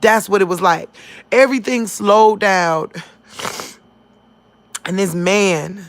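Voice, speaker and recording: A woman's voice: mid-range voice, slow, no echo. A woman, telling her viewers about a dream in a casual, emotional way. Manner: emotional, talks straight to viewers, animated. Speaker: vlogger sharing dreams.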